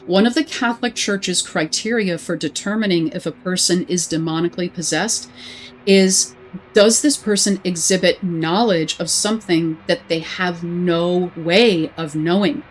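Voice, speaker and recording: A woman explaining a horror film in a measured, scripted commentary. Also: fairly low pitch, slight background noise.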